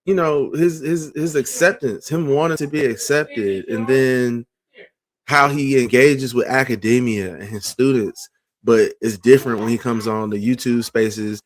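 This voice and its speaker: A man's voice: mid-range voice, a little slow. A man hosting a casual commentary show, talking conversationally with lots of fillers and emphatic points. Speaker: podcast host.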